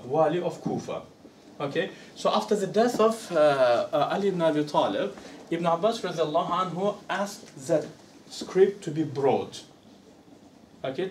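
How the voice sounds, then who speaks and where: A male scholar delivers a conversational lecture, his voice pitched high and swinging widely. He keeps checking in with the audience through rhetorical questions. The recording picks him up from across a reverberant room, with faint ambience behind him. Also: far from the mic, a little hiss or hum. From Uzbekistan. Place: lecture hall. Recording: echoey room, speaker away from the mic.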